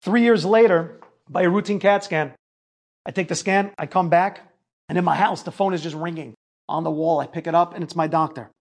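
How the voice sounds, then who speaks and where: A man giving a lecture, telling a personal story in an emphatic way that builds to near shouting. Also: fairly high pitch, steady tone, a little fast. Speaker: speaker telling his story.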